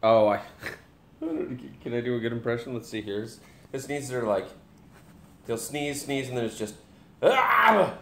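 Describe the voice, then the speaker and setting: Jokey young dad chatting on a stream. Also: male voice, mid-range voice, lively intonation, normal speed, pauses often, darkish tone, a little hiss or hum. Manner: joking, chatty, coos at his baby. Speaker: live stream co-host and dad. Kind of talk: casual live stream chat.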